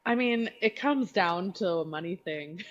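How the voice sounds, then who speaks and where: A woman's voice: lowish voice, animated, a little slow, muffled recording. A woman author guest chatting on a podcast, hesitant and full of fillers and laughter. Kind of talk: casual podcast interview.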